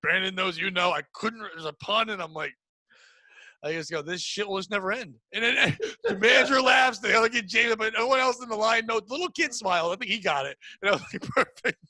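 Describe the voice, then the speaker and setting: A young adult man, a podcast co-host, telling a crude comedic story, animated and acting out the people in it. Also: high voice, fairly quick, dry recording. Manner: crude, animated, acts out voices in anecdotes.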